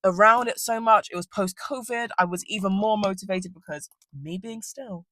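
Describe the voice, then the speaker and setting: A young woman talks through a storytime from her car, rambling and swearing as she goes. Her voice sits at an ordinary middle pitch for a woman. The sound is dry and close. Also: normal speed, a bit bright, dry recording. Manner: rambling, swears freely, fillers like "like". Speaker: vlogger. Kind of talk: casual storytime chat.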